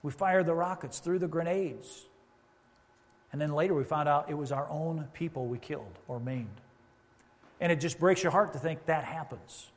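A pastor with a high-pitched voice delivers a sermon at a moderate pace, speaking to his congregation conversationally and slipping into quoted voices. The church sanctuary around him adds a long reverberant tail.

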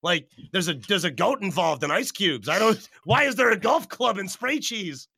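Excitable, high-voiced man hosting a podcast. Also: moderate pace, vocal fry, breathy edge, dry recording. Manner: excitable, profane, laughing a lot. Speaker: podcast host. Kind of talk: casual livestream podcast chat.

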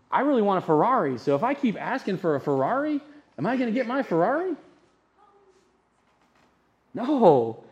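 A man delivering a sermon to his congregation, his voice sitting a little high for a man. He preaches conversationally, often tossing rhetorical questions to the room. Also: darkish tone. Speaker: pastor.

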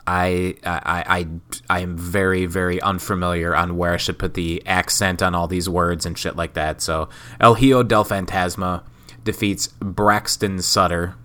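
A man in his thirties from Wisconsin talks through his solo podcast while sick. His voice sits a little low but comes across bright and forceful. He rambles, jokes at his own expense, and keeps going. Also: level tone, normal speed. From Wisconsin, USA. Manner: rambling, self-mocking, jokey. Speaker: podcast host. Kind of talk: casual solo podcast commentary.

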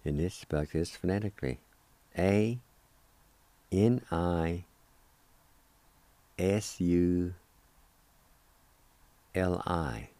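A man's voice: sits low, very slow, pauses often, mellow, no echo. A man teaching a language lesson on the radio, spelling words out and patiently repeating each one several times.

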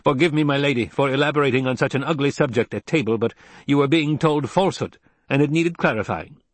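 A man voicing a cold, scholarly male ecologist who speaks in a calm, lecturing way. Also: mid-range voice, fast, no echo, pitched above the performer's own voice, close to an everyday voice. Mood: cool, challenging.

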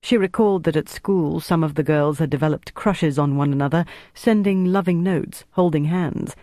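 Even, measured audiobook narrator. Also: mid-range voice, no room sound, studio quality. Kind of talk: scripted narration.

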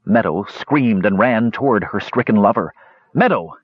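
A man narrating a fantasy story aloud in an expressive, lively reading voice. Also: on the low side, moderate pace, husky, no room sound. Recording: dull dry lo-fi recording.

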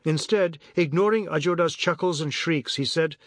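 A man narrating a novel in a measured storytelling manner. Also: fairly high pitch, dry recording. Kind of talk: audiobook narration. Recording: dry close studio sound.

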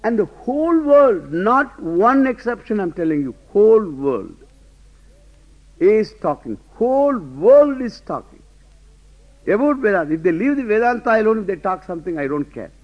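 A man's voice: sits high, very animated, normal speed. A man teaching a lecture class, emphatic, often asking rhetorical questions and laughing to himself. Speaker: Vedanta teacher. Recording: dull lo-fi lecture recording.

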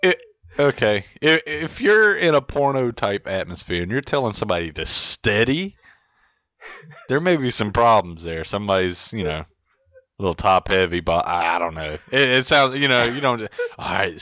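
A man on a casual podcast, halting and laughing often as a quiz contestant. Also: on the low side, very animated, bright, forceful tone, dry recording, lo-fi sound. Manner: laughs a lot, halting and reactive.

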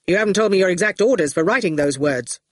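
An audiobook reader voicing Archer, a cheerful, scheming grown man who turns to threats, with lively, raised speech. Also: mid-range voice, quick pace, no echo, clean studio sound, natural voice. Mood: threatening. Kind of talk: audiobook character voice.

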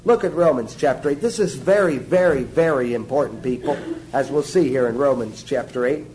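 A man's voice: medium pitch, a little fast, a little mellow, rough recording. A man giving a sermon-style teaching to a small group, emphatic and joking, repeating his instructions.

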